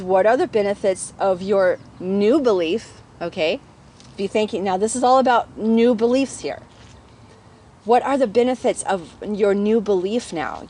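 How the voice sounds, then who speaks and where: A woman's voice: mid-range voice, warm tone, slight background noise. Chatty woman coaching on business mindset. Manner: conversational, often checks in with "okay?", addresses viewers as "guys". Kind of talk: casual teaching talk to camera.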